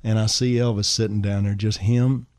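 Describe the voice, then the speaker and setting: An older man tells a loose, rambling story as a radio guest, his voice low and warm. He drifts along easily, leaning on "uh" and "man". The sound is dry and close, with no room around it. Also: little pitch movement, normal speed, no echo. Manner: easygoing, rambling, full of "uh" and "man". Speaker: songwriter and guest. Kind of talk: storytelling anecdote on a radio show. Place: radio studio.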